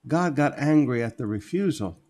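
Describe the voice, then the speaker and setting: Expressive male preacher, husky voice. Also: medium pitch, normal speed. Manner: expressive, repeats phrases for emphasis. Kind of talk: sermon.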